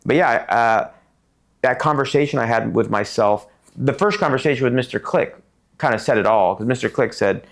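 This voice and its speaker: A middle-aged man from Tucson, a podcast guest telling stories in an animated way and acting out the people in them. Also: medium pitch, fairly quick, gravelly. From Tucson, Arizona. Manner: animated, acts out voices in his stories. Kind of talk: casual storytelling interview.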